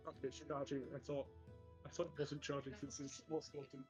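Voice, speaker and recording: A man's voice: a little high, little pitch movement, a little fast, over music. A man with his tabletop gaming friends, directing them and apologising during an off-air break. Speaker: tabletop game player. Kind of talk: casual off-air chat. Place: shared room with friends.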